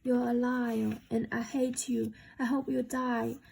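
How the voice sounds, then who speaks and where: A woman reading a novel aloud, voicing a headstrong young woman who yells defiantly, in a gravelly, husky voice. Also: a little high, flat delivery, unhurried, full character voice. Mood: anguished. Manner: yelling, defiant.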